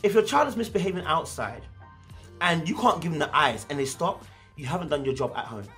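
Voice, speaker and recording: A man with a London accent giving a casual, animated commentary as a show reviewer, slipping into slang and acting out parents. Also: on the high side, brisk, faint music behind.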